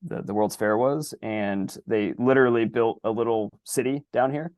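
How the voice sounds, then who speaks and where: A man's voice: mid-range voice, moderate pace, a little mellow, no room sound, studio quality. A man co-hosting a podcast, talking casually in a rambling, profane, loose way. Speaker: podcast co-host.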